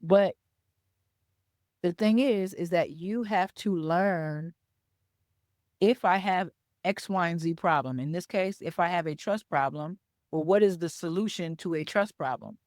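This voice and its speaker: This solo podcast host, a business coach, delivers her lesson as a conversational story, pausing for "okay?" and "right?" and doubling up words for emphasis. Her lowish, darkish voice runs a little slow, recorded cleanly in a studio with no echo.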